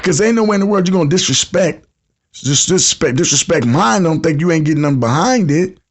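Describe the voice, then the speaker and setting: A man's voice: on the high side, expressive, a little fast, a faint crowd. A man in his fifties hosting a casual call-in podcast, telling stories in heavy slang and acting out the people he quotes. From United States. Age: 50s. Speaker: podcast host.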